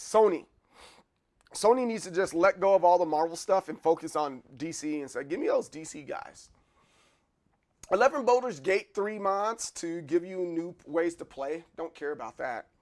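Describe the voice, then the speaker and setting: A man hosting a livestream in casual chat, loose and opinionated as he reacts to his chat. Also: a little high. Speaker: livestream host.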